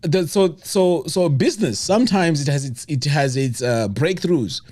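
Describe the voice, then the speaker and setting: A man's voice: fairly high pitch, expressive, moderate pace, a little mellow, husky. A man hosting a live stream, chatting casually and agreeing often with his guest. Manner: chatty, frequent agreeing murmurs. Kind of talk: casual interview chat.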